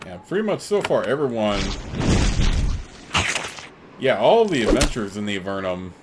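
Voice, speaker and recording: A man's voice: lowish voice, very animated, moderate pace, heavy background noise. A man casually commenting on a game he plays, rambling and restarting as he goes. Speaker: let's play host.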